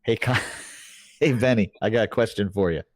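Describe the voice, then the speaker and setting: A man's voice: on the low side, moderate pace, a little mellow, no room sound, clean studio sound. A man co-hosting a podcast in laid-back, rambling casual chat. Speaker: podcast co-host.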